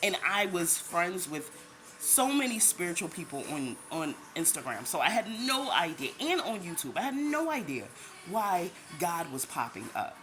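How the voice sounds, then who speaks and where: A woman's voice: lowish voice, big pitch swings, normal speed, fairly bright tone, a little hiss or hum, rough recording. A woman telling her faith testimony as a casual, chatty personal story. She repeats herself often and laughs now and then. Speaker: vlogger sharing a faith testimony. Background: background music.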